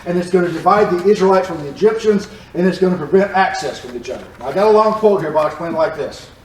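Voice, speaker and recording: A man teaches a Bible passage in an animated, joking way. His voice sits high for a man. He sounds distant from the mic, in an echoey church room. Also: quick pace, a little hiss or hum.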